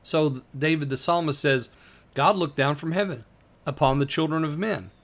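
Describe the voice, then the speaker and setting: A man teaching a Bible lesson in a relaxed, conversational way, slowing down to read scripture verses aloud with emphasis. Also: a little high.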